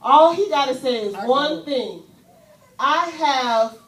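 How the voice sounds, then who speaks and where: A woman's voice: high voice, slow, far from the mic. Woman preaching in an echoey church. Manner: animated, conversational preaching with casual asides. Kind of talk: sermon with volunteers on stage. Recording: echoey church room, voice from afar.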